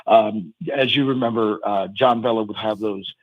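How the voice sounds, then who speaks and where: A man calling in to a radio show, telling a fond memory in a rambling, halting way with lots of fillers and restarts. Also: fairly low pitch, steady tone, dry recording, highs cut off. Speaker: caller sharing a fan memory. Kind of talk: casual phone-in storytelling.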